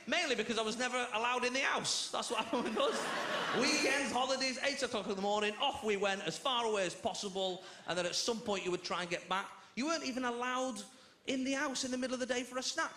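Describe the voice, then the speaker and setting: A man's voice: very high-pitched, heavy background noise. Self-mocking male stand-up comic. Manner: chatty, self-mocking, acts out voices. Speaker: stand-up comedian. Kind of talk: stand-up comedy routine. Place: large theatre stage. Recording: echoey theatre, loud audience.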